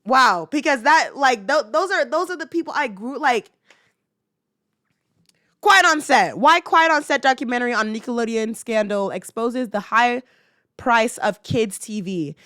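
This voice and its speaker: A high-voiced young woman hosting a casual commentary show, heated and emphatic, repeating herself and dropping slang. The sound is close and dry, with no room around her. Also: animated, unhurried, bright, forceful tone, no echo. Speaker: podcast host.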